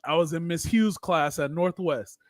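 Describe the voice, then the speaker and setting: A man's voice: fairly high pitch, normal speed, dry recording. A man co-hosting a podcast, telling a school story in casual chat and acting out the voices in it. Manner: animated, acts out quoted voices. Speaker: podcast co-host.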